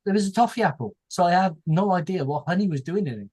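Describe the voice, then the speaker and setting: A British man on a casual group chat, telling stories at an unhurried pace. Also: sits high, lively intonation, darkish tone, slightly rough.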